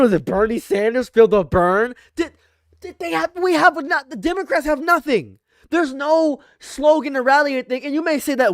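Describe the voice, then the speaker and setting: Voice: high-pitched, expressive, moderate pace, no echo, studio quality. A livestream commentator reacting live, ranting emphatically and repeating phrases for effect.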